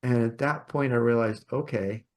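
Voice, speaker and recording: A man's voice: mid-range voice, normal speed. Man musing through a personal story. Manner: rambling, with frequent restarts and soft laughs. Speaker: podcast host. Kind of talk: reflective storytelling in casual conversation.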